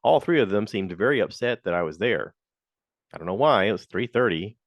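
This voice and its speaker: Low-voiced man telling a story. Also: a little fast, dry recording. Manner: animated, slips into quoted voices; frank, complaining. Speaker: podcast host. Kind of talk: casual storytelling monologue.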